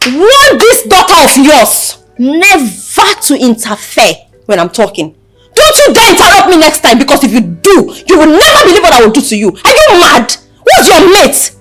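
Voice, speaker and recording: A woman's voice: high voice, normal speed, over music. An actress with a Nigerian accent playing an outspoken young woman who pleads with her mother and scolds her sister. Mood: scolding. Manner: emphatic, pleading and scolding, lively. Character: outspoken young adult woman, defends tenant, fiery. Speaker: daughter in the family. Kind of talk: Nollywood film acting.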